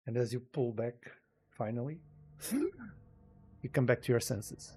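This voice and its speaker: A man narrating a dark tabletop scene as game master, in slow, descriptive speech. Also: mid-range voice, big pitch swings.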